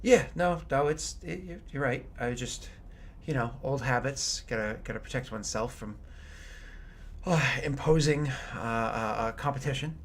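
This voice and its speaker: A man's voice: medium pitch, moderate pace. Easygoing male game master narrating.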